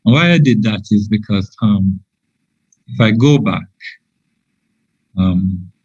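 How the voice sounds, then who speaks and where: A man giving an informal engineering lecture, halting often with fillers and restarts. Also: lowish voice, darkish tone, husky, no room sound. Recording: dull lo-fi dry audio.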